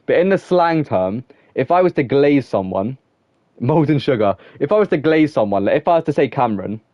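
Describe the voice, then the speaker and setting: A young male gaming streamer rambles on in loose, casual chat, stringing thoughts together with "like" and chuckling as he goes. His voice sits at an ordinary male pitch. The sound is dry and a little dull, like a modest home mic with no room around it. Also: animated, fairly quick, no echo. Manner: rambling and chatty, full of "like", laughs often. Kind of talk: casual live-stream chat while playing.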